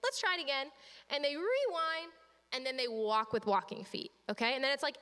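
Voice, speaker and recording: Bright-voiced woman teaching parents in a hall. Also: high voice, animated, brisk. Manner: practical, reassuring, acts out parent-child exchanges. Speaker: parenting trainer. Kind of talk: training talk to parents. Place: church hall. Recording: long hall reverb.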